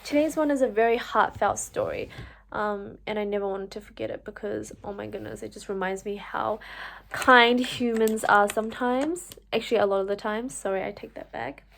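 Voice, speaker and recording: A woman's voice: mid-range voice, normal speed, vocal fry, a little hiss or hum. A young woman, telling a personal story to camera in a chatty way, full of fillers and "like". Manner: chatty, full of fillers, animated when quoting herself. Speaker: vlogger.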